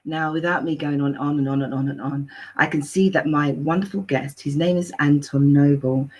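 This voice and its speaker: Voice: medium pitch, steady tone, normal speed. A chatty, effusive host running a live online interview show, rambling a little while introducing the guest. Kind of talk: lively live-stream chat.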